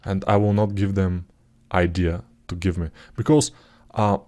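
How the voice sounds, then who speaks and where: A man talking through his 3D sculpting work in a live tutorial, thinking aloud in a relaxed, self-deprecating way, with typing heard behind him. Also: low-pitched, unhurried. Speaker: 3D artist tutor.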